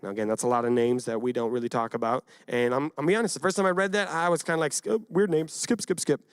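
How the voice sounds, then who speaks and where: A young man giving a casual youth sermon, retelling a Bible story with lively acted quotes and frequent asides to his listeners. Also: mid-range voice, very fast, smooth, no echo, studio quality. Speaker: youth pastor.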